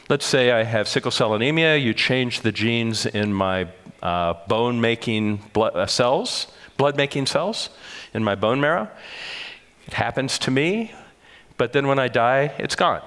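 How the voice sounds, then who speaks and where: An older man delivers a conference lecture in a measured, explanatory way, pausing to correct himself now and then. His voice sits at an ordinary middle pitch. A long reverb from the large hall trails after his words. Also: fairly bright tone. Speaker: conference speaker. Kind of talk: public lecture.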